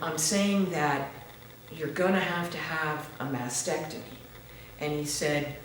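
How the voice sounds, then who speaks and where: A woman giving a halting, earnest personal testimony in a church interview, often restarting her words. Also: sits low, a bit bright. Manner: slow and earnest, turning tearful when moved. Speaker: interview guest. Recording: very echoey room with faint noise.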